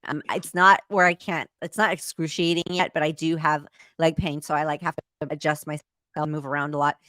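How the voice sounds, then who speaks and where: A woman's voice: deep voice, little pitch movement, brisk, fairly bright tone, no room sound. Matter-of-fact woman in a dry room. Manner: open, matter-of-fact, easygoing. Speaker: podcast host. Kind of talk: candid casual chat.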